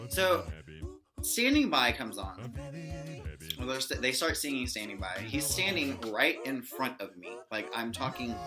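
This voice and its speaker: A young woman excitedly telling a fan story in a casual vlog, gushing and giggly. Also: very deep voice. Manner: gushing fangirl, giggly, animated quoting. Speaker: vlogger. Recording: music playing behind.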